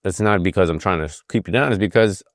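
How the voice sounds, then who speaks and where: A man's voice: low voice, fast, no echo, clean studio sound. A man in his fifties hosting a podcast, talking casually and reflectively, with many fillers and restarts. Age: 50s. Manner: emotional, rambling, frequent fillers and restarts. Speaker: podcast host.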